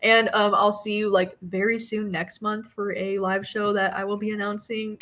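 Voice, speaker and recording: A woman's voice: mid-range voice, little pitch movement, normal speed, fairly bright tone. Chatty young woman hosting a book stream. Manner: chatty, lots of "like" and laughs. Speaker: host. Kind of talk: casual book chat on a live stream.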